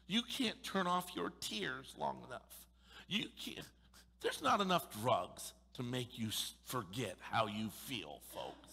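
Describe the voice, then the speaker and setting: A male pastor preaching an emphatic, sarcastic sermon, swinging between loud pushes and sudden hushed asides. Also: mid-range voice, sing-song, slow pace, gravelly, breathy edge, big-room sound. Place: church sanctuary.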